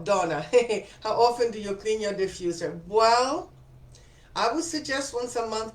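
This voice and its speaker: A woman's voice: on the low side, reverberant. A woman hosting a casual live stream, chatty and enthusiastic as she thanks viewers by name and answers their comments. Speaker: live stream host selling essential oils.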